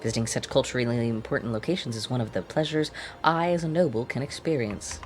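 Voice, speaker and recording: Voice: medium pitch, quick pace, soft background music, natural voice. A streamer voicing a pompous male noble baron, speaking formally. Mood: haughty.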